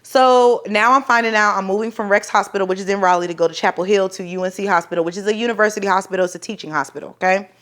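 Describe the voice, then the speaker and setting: A young woman, telling a personal story to the camera in a profane, animated way and acting out the people in it. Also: medium pitch, very fast, few pauses. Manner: profane, animated, dramatic re-enactments. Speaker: vlogger. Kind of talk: storytelling vlog.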